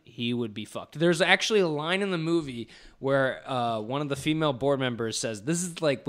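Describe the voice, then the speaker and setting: Rambling young man retelling a movie. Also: medium pitch. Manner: rambling, swearing, acts out scenes with laughter. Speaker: podcast co-host. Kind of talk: casual movie review chat.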